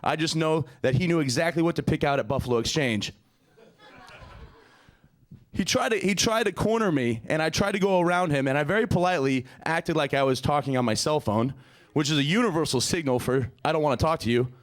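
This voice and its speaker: A man's voice: fairly high pitch, expressive, brisk. A man doing a stand-up comedy set in a profane, ranting way. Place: comedy stage before a live studio audience.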